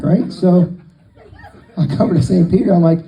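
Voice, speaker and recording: A man's voice: sits high, brisk, long pauses, muffled recording. A man telling long jokes to a live crowd, a folksy storyteller who acts out the dialogue.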